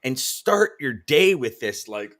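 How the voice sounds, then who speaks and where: A man's voice: medium pitch, lively intonation, brisk, fairly bright tone. Upbeat man hosting a live sales show. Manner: enthusiastic, reads out comments and cheers listeners on. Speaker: podcast co-host.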